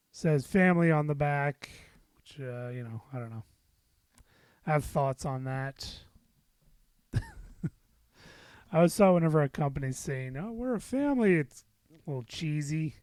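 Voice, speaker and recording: A man's voice: a little high, darkish tone, smooth, no room sound. A middle-aged man hosting a casual solo podcast, rambling and self-deprecating with lots of fillers and the odd swear word. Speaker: podcast host.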